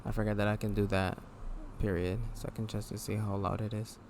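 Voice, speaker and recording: A weary man with a nasal voice and a lowish pitch hosts a podcast on his own. He muses casually and reads affirmations in an unhurried way. A faint ambient hum sits under his voice. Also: little pitch movement, darkish tone. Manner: low, laid-back delivery with mild swearing. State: tired. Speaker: podcast host. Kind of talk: casual reflective monologue, reading affirmations aloud.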